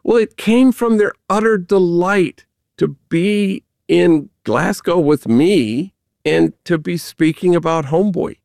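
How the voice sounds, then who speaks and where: A man who is a Jesuit priest, talking earnestly with gentle humor as an interview guest and telling stories. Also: high voice, slow, creaky, dry recording, clean studio sound. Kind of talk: conversational storytelling interview.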